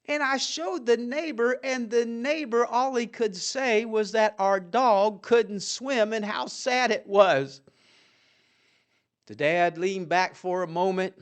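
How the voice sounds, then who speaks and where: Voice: mid-range voice, slow pace, clear, resonant tone. Folksy inspirational storyteller.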